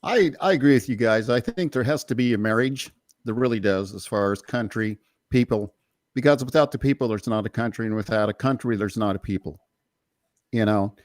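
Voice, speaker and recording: A man's voice: on the low side, a little fast, a little mellow, dry recording, clean studio sound. A man from the United States speaking earnestly on a political podcast panel, in a speechlike delivery with restarts. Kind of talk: casual political discussion.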